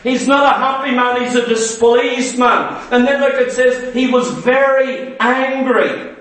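Male preacher, high voice, passionate rhetorical sermon, very reverberant church sound. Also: a little slow, a bit bright. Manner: impassioned, rhetorical questions, mimics hearers. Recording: very echoey hall, voice from far off.

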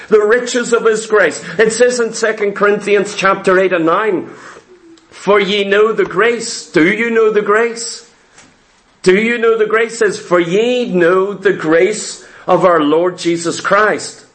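A man's voice: sits high, roomy sound. A man preaching a fervent sermon, asking his congregation question after question and repeating words as he presses his points.

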